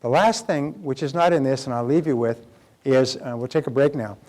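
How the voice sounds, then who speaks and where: An older man gives a motivational talk at a live seminar before an audience, earnest and conversational, often asking the crowd questions. His voice is medium-pitched and a little mellow, and he speaks a little fast.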